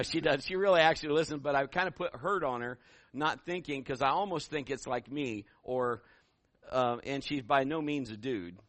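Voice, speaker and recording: A middle-aged man preaching a sermon as pastor, telling stories and acting out voices, building to loud emphatic peaks. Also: mid-range voice, normal speed, no room sound.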